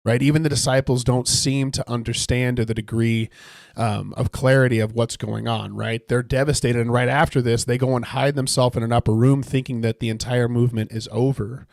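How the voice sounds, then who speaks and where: A man's voice: mid-range voice, fairly even intonation, brisk, creaky, a little mellow, dry recording. A man leading a casual Bible study while gaming, talking it through conversationally with frequent restarts. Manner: conversational, thinks aloud with restarts. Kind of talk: casual Bible teaching while playing a video game.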